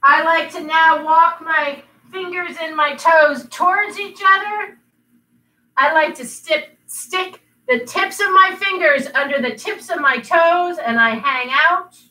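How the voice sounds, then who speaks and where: Guiding children through yoga poses, this instructor uses a bright, high voice and teases them with silly animal noises. She's patient and slow, and the echoey room puts her far from the microphone.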